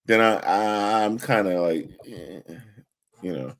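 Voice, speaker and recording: Low-voiced man, conversational podcast host. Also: takes it slowly. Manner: conversational, asks questions, hesitant restarts. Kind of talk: casual chat.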